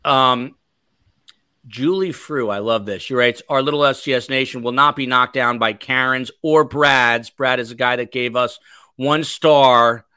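A man's voice: medium pitch, fairly even intonation, measured pace, bright, forceful tone, smooth, no room sound. A man hosting a podcast livestream, chatting casually and reading viewer comments aloud. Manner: chatty, reads comments aloud, many fillers. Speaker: podcast host.

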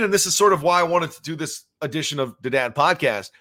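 Bright-voiced casual podcasting dad. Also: male voice, a little high, expressive, quick pace, hardly any pauses. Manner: casual, rambling, frequent fillers. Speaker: podcast host. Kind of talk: solo reaction commentary.

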